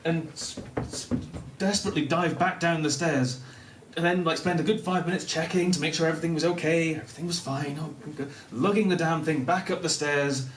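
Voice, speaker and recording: A young man from Newcastle with a softened Northern English accent, telling a self-deprecating personal story to a live audience, often laughing as he talks. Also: a little high, slight background noise. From Newcastle, North of England. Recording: echoey room, mic at a distance.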